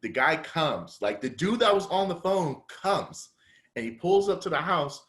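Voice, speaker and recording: A young adult man on a podcast, telling a story casually with heavy slang and animated back-and-forth dialogue. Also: a little high, unhurried. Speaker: podcast co-host.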